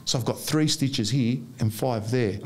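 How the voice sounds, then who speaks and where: A middle-aged man, a former soccer player telling stories in casual, animated chat. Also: mid-range voice, a little slow. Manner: animated, laughing while telling anecdotes. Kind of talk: casual storytelling.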